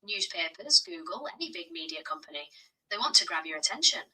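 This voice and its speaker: Synthetic woman's voice, AI assistant, bright and breathy, measured delivery. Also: lowish voice, sing-song, recorded from a distance, poor audio. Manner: measured, agreeable, calls the user bro. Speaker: AI chat assistant. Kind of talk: polite explanatory answers.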